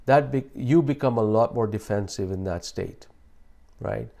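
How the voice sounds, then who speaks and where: A man hosting a self-help talk, speaking in a calm, explanatory way with frequent restarts. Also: fairly low pitch, unhurried, gravelly. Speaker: host.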